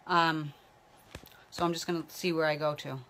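A woman's voice: deep voice, little pitch movement, moderate pace, a bit bright, slight background noise. Chatty woman doing live psychic readings. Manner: chatty, rambling, calls viewers by name; talks while a baby tugs at her hair. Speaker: psychic medium.

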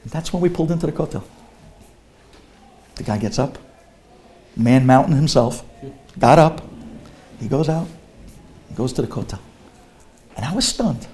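A man's voice: mid-range voice, lively intonation, moderate pace, pauses often, a little mellow, a little hiss or hum. A man, a rabbi, telling a story in a sermon, animatedly voicing the characters.

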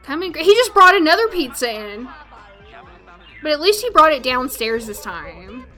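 A woman's voice: sits high, big pitch swings, moderate pace, pushed and bright, soft background music. Giggly Southern woman streaming a game. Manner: chatty, giggly, talks to chat. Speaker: gaming livestreamer. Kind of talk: casual game commentary livestream.

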